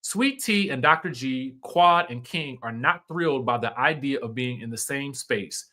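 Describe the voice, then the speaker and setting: A man's voice: mid-range voice, a little slow. A man hosting a casual live stream, greeting viewers and giving emphatic commentary. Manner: animated, emphatic, repeats phrases for effect. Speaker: host.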